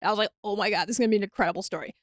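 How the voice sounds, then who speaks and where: A woman's voice: mid-range voice, very fast, dry recording, studio quality. A woman comedian with an Upper Midwest American accent, chatting on a podcast and telling stories with acted-out quotes and frequent laughs. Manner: animated storyteller, acts out quotes, laughs often. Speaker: comedian guest. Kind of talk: casual podcast chat.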